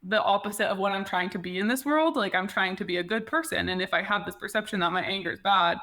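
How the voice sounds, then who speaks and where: A woman's voice: medium pitch, fast, sharp tone. A woman guest on a casual podcast interview, speaking reflectively with many "like" fillers and restarts.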